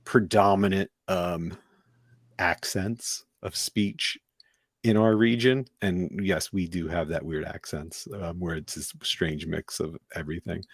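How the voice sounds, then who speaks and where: A man with a low, gravelly voice hosts a casual podcast. He rambles freely, restarting sentences and filling gaps with "like" and "um", and the sound is close and dry. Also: no echo. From United States. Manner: rambling, full of fillers and restarts. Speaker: podcast host. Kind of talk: casual chat.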